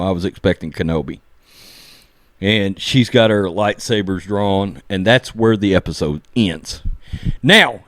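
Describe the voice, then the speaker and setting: Animated man recapping and reviewing an episode. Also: medium pitch, dry recording, clean studio sound. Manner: animated, acts out character lines while recapping; repeats "okay?" and "look". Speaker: show reviewer.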